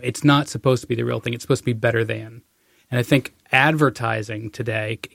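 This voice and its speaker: A man with a gravelly voice speaks as a guest, thoughtful and a little halting as he works out his points. The recording is dry and close. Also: mid-range voice, a bit bright, dry recording. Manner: thoughtful, hesitant restarts. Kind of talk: casual interview talk.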